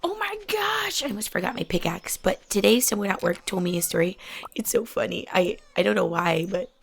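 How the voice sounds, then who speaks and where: A young adult woman chatting softly while she plays a game, often dropping to a near whisper. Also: mid-range voice, animated, a little fast, vocal fry, a little hiss or hum. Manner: soft-spoken, often drops to a near whisper. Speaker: gaming channel host. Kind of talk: relaxed chat while playing a game.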